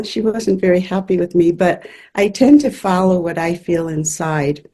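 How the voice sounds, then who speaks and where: Woman, husky and mellow, earnest chatty storyteller, spiritual medium being interviewed. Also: fairly low pitch, a little slow. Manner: earnest, chatty, laughs through stories.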